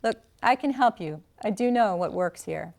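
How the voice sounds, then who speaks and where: A woman's voice: mid-range voice, lively intonation, normal speed, vocal fry, darkish tone. A woman reading the lines of a cocky, teasing young male staffer who coaches a student with bossy confidence. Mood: coaxing.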